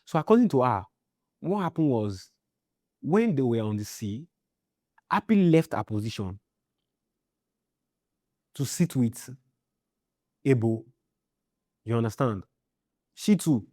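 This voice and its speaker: A Nigerian man telling his own story in a halting way, often repeating himself and checking "you understand?". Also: mid-range voice, animated, dark tone, no echo, clean studio sound. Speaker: interviewee. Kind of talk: personal storytelling.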